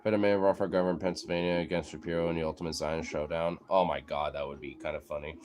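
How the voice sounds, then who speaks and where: A man's voice: sits low, steady tone, quick pace, darkish tone. A man giving a heated, profane, rambling political rant in casual chat, talking straight to his viewers as a streamer.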